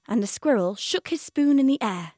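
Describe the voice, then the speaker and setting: A woman reading several stories aloud with lively, animated narration. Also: fairly high pitch, moderate pace, dry recording, studio quality. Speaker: audiobook narrator. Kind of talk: expressive read-aloud narration.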